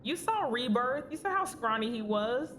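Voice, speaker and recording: A woman with a slightly high, somewhat bright voice and lively intonation chats and giggles at normal speed while streaming a game, talking back to its characters. A little hiss or hum and faint game music sit in the background.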